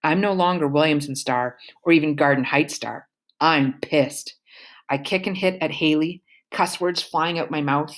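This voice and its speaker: Low-voiced woman reading a novel. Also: normal speed. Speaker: audiobook reader. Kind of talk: first-person novel narration.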